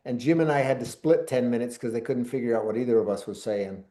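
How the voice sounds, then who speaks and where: A man hosting a casual panel conversation, animated, with his pitch jumping between high and low. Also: quick pace, echoey room. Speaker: host.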